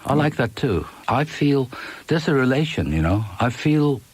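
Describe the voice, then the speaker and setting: A Swedish man in his fifties, a musician chatting in an interview in a relaxed, joking way with many restarts. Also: medium pitch, normal speed, breathy edge, no room sound. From Sweden. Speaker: musician guest. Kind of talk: casual interview chat.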